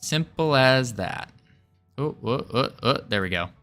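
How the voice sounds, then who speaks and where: A man's voice: mid-range voice, lively intonation, unhurried, a bit bright, soft background music. A man live-streaming his game development, chatting casually and playfully with viewers as he codes. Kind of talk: casual live-stream chat while coding.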